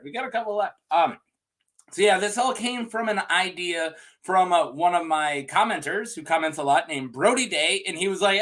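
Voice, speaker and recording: A man's voice: high-pitched, moderate pace, a bit bright. A man talking to his viewers in an unedited, rambling rant, joking and improvising as he goes. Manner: rambling, jokey, improvised, with restarts and laughs. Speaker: video creator talking to viewers.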